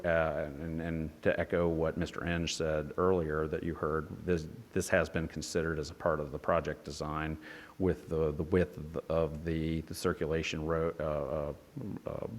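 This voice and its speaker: A man's voice: rumbling low, darkish tone. A man presenting an engineering report at a public hearing, with many fillers and restarts. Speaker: engineer presenting a development project. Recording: long reverb in a hearing room.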